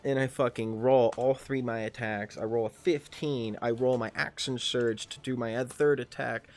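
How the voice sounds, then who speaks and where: A man in his thirties running a tabletop game on a livestream, excitable and swearing constantly as he narrates and shouts battle cries. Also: mid-range voice, moderate pace. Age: 30s. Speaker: game master and player.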